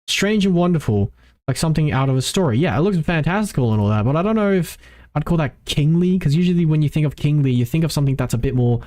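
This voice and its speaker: Rambly woman streamer with lively pitch. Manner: rambling, self-correcting, laughs at own slips. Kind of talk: game playthrough commentary.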